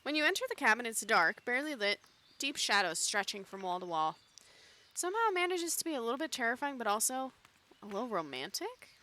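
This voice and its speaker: A woman's voice: on the high side, big pitch swings, fairly quick, bright, forceful tone. A woman streamer reading a dating game aloud with dramatic, playful expression and frequent laughter.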